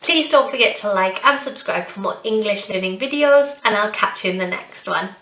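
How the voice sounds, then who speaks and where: A young woman teaching a beginner English class, saying words slowly and clearly, repeating them and praising the learners as she goes. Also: mid-range voice, recorded from a distance. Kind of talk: slow beginner language lesson with repetition. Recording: echoey room, voice somewhat off-mic.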